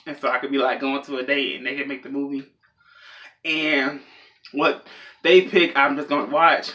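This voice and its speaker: A man's voice: medium pitch, level tone, normal speed, bright, forceful tone. A young man telling a rambling, self-mocking comedic story as a vlogger. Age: young adult.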